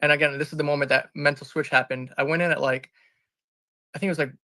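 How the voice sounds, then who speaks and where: A fairly high-pitched man with a forceful, bright tone tells a personal story as an interview guest. He sounds earnest and rambles, doubling back to restart and correct himself. The voice is close and dry. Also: fairly even intonation, quick pace, no room sound. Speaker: interview guest, business founder. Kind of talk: candid personal storytelling in conversation.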